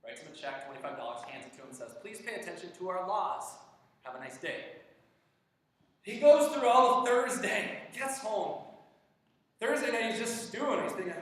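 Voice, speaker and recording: Guy preaching, fairly high voice, big echoey church sound, mic kinda far off. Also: normal speed. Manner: animated storytelling, acting out dialogue with many restarts. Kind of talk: sermon storytelling.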